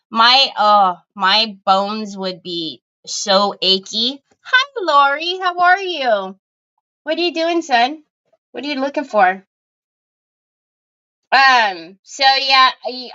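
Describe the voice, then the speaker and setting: A woman chats with viewers on a home craft livestream, her voice high and bright as she greets each one by name and giggles often. She speaks slowly and smoothly. The phone audio sounds a little dull and lo-fi.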